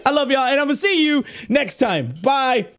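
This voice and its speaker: A man doing let's play commentary as a gaming YouTuber, excitable, yelling and repeating words, with a strained voice. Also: very high-pitched, moderate pace, background noise. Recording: loud game music underneath.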